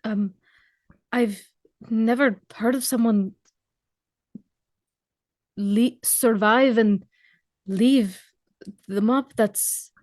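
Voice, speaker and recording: Gentle young adventurer voiced by a woman, slow, stammery, dry sound. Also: on the high side, fairly even intonation, no echo. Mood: consoling. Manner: soft, hesitant, stammering.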